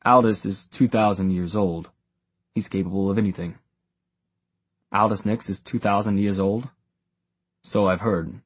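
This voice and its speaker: A man voicing a world-weary male warlock who speaks in a dry, flat way. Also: on the low side, unhurried, long pauses, breathy edge, dry recording. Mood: wry.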